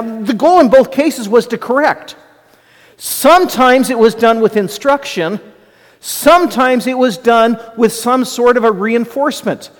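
A middle-aged man delivers a sermon in a relaxed, conversational teaching style, breaking off for asides to his listeners. His voice sits fairly high for a man. The sound carries a long reverb tail, as in a large church sanctuary. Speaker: pastor and school administrator.

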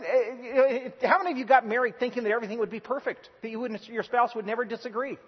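High-voiced husky man preaching in a hall. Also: steady tone, fast, few pauses. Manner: earnest, emphatic preaching with repeated restarts. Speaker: pastor. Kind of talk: sermon. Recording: dull lo-fi recording with long hall reverb.

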